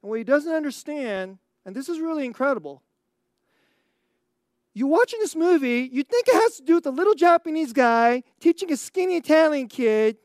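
An American preacher telling a story in a sermon, animated, acting out scenes and laughing often. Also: high-pitched, no echo, clean studio sound. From United States.

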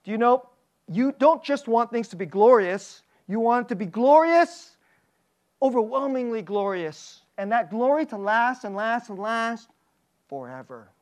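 A pastor giving a sermon, animated, laughing often, asking the audience many questions and acting out quoted voices. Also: medium pitch, unhurried.

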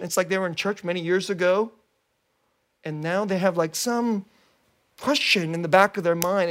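Animated conversational pastor preaching. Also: medium pitch, moderate pace. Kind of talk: sermon with storytelling.

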